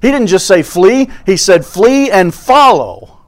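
A man's voice: high voice, sing-song, unhurried. A man preaching a sermon, folksy storytelling with fervent swells.

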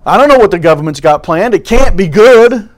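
A man's voice: high voice, expressive, fairly quick. A man preaching a sermon, folksy storytelling with fervent swells.

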